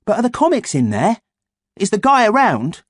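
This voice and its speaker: A brash, whiny schoolboy voiced by a man, pitched high above his own voice with a loud, pushy edge. It is an audiobook character, recorded close and dry with no room sound. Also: lively intonation, moderate pace, dry recording. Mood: whiny, excited.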